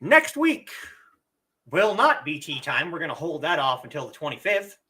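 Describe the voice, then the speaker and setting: A livestream host giving a casual lesson, speaking slowly and deliberately and often clearing their throat, a bit hoarse from a cough. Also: mid-range voice, animated, pushed and bright.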